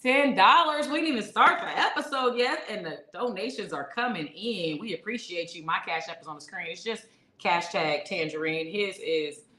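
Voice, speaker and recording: A woman's voice: mid-range voice, normal speed, bright, forceful tone. A woman co-hosting a casual live-streamed podcast, chatting and reading out viewer comments. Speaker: podcast co-host. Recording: echoey room.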